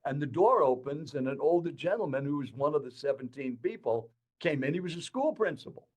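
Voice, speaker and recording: Animated man in his eighties, storytelling. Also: on the high side, a little fast. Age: 80s. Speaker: guest speaker. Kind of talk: storytelling in an interview.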